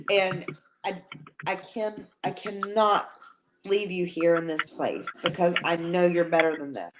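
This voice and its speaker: A woman's voice: on the low side, fairly even intonation, a little slow, background noise. A middle-aged woman co-hosting a live chat, talking in a heartfelt way that repeats phrases, with playful teasing. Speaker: co-host.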